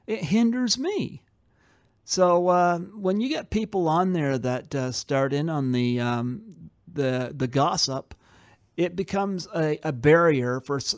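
A man's voice: mid-range voice, darkish tone, no room sound, clean studio sound. Guy hosting an interview, kinda rambly, lots of ums. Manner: rambling, hesitant, lots of fillers. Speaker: podcast host. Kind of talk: casual interview chat.

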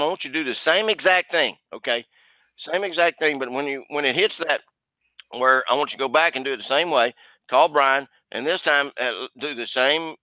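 A man's voice: a little high, dry recording. Folksy man coaching over a phone line. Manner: energetic, folksy, repeats himself. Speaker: sales trainer. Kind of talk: coaching a training call. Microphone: conference call line.

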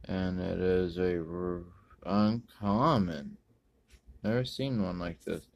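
Slow, low-voiced man opening card packs. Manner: rambling, self-correcting, with many ums and uhs; bursts of excitement over good pulls. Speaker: card-opening video host. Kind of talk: casual pack-opening commentary.

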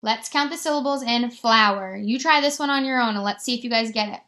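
A woman teacher giving a remote lesson to young children, stretching words out slowly and encouraging them. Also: a little high, pushed and bright. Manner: slow, exaggerated word-stretching, encouraging.

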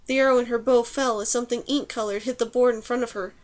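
A woman reading a fantasy novel aloud as audiobook narrator, in an even, measured way. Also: fairly high pitch. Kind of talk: scripted narration.

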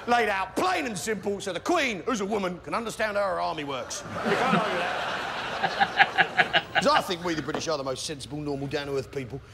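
A man's voice: high voice, lively intonation, moderate pace, gravelly. A man performing a stand-up comedy routine, bombastic and doing crowd work. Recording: noisy recording with loud audience.

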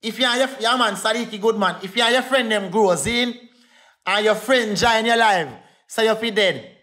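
A man's voice: high voice, normal speed, bright, forceful tone. A young Jamaican man in a heated livestream rant, defiant and repetitive, calling out to his viewers.

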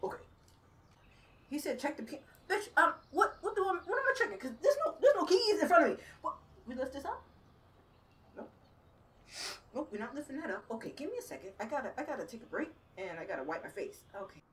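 Shrieking woman gamer, cursing, laughing and crying, bright and high, off-mic. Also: big pitch swings, fast, pauses often, recorded from a distance. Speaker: gaming streamer. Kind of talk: screaming, laughing game reaction.

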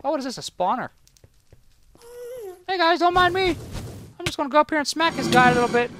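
A high-pitched let's-play gamer with a bright, ringing tone, narrating their own play in an excited rush. They yell and swear at enemies, beg monsters to leave them alone, and flip into panic at every threat. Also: a little fast, pauses often, a little hiss or hum. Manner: talks to the creatures in the game. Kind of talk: excited gameplay commentary.

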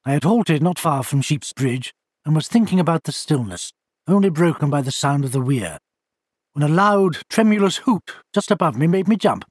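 A man narrates a storybook with lively, rising and falling pitch. His voice is a touch husky and sits somewhat high for a man. The recording is dry and close. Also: normal speed, no echo. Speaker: audiobook narrator.

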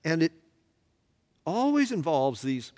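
Brief: unhurried male Bible teacher, lively rising and falling pitch, quizzes his class, long church-hall reverb. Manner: asks the class questions and has them fill in words.

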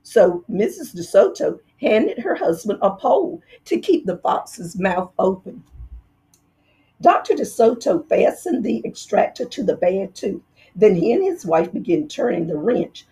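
A woman reading a children's picture book aloud, in a slow, expressive way. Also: medium pitch. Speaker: storyteller.

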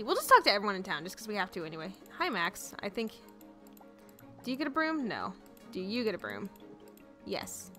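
A woman's voice: medium pitch, bright, forceful tone. A young woman giving casual, chatty commentary on her own video game, giggly and easily flustered. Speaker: gaming YouTuber. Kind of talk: casual let's-play commentary.

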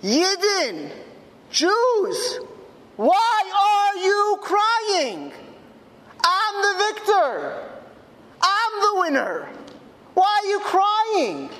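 A man's voice: very high voice, wildly swooping pitch, extremely slow, long pauses, sharp tone, in a large hall, pitched above the performer's own voice, full character voice. A man voicing a defiant male prisoner about to be hanged, crying out at the top of his voice.

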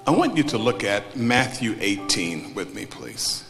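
A man preaching a sermon, moving from hushed quiet passages to loud, emphatic storytelling. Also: on the low side, big pitch swings, a little slow. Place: church hall. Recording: large hall reverb with music behind. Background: instrumental music.

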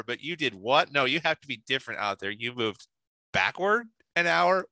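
A man's voice: medium pitch, animated, bright, forceful tone, no echo, low-quality recording. A man hosting a music show, chatting in an upbeat, jokey way and introducing his guest. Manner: upbeat and jokey, quick to laugh. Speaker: radio show host. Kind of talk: casual interview chat.

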